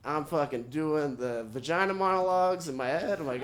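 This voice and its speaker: A man from Oklahoma performing a stand-up set, telling a story in a conversational way with deadpan asides. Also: on the high side, moderate pace. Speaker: stand-up comedian. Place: comedy show venue with audience.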